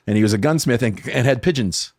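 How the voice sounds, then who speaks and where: A middle-aged man from California's San Fernando Valley, a guest on a podcast, telling animated, self-deprecating stories in casual, profane chat. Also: mid-range voice, quick pace, no echo, clean studio sound. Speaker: podcast guest, film producer.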